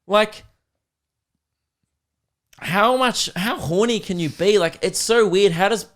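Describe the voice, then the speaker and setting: Profane Australian comedian ranting. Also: male voice, high voice, takes it slowly. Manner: animated, profane, laughing often. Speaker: podcast host. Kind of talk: comedic podcast rant.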